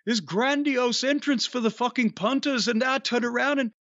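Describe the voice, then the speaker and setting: A man's voice: extremely high pitch, moderate pace, fairly bright tone, no echo, muffled recording, pitched above the performer's own voice. A man putting on an English accent to voice a fellow wrestler retelling a ring mishap with exasperation. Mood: exasperated.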